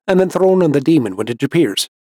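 Eager, earnest companion who blurts things out, higher and keener, as a man reads him, dry close sound. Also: sing-song, fast talker, a little mellow, dry recording.

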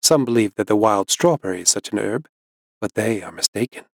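Storybook shopkeeper: a cool, cryptic older herbalist woman, read by a man, even and unruffled, dry close sound. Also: fairly low pitch, vocal fry, no room sound. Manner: calm, even, unhurried.

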